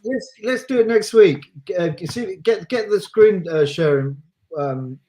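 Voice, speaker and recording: A man speaks over a video call with a slightly higher voice. He hesitates a lot, filling gaps with ums and restarting his sentences. The tone stays relaxed and conversational. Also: a little slow. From England. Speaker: guest singer. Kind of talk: casual video call chat.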